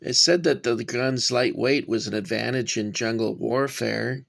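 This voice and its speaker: Casual male hobby reviewer, gravelly voice, middle pitch, rambling and chatty. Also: a little slow, fairly bright tone. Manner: rambling, talks to viewers as guys, frequent fillers. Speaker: toy reviewer. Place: cramped home workspace.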